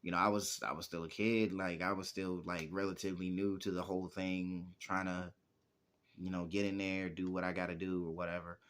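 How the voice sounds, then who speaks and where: A man's voice: deep voice, level tone, a little fast, a bit bright. A man in his twenties, a music producer and rapper, telling stories in a casual, rambling interview with lots of filler words. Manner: rambling, heavy use of "like" fillers.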